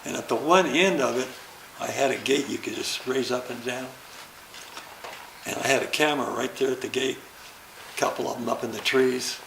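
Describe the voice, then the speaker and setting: Telling casual anecdotes as an interview guest, an older man slips into the voices of the people he quotes, pausing often at a normal speed. His pitch is ordinary middle range, and the recording has a roomy echo with faint background noise.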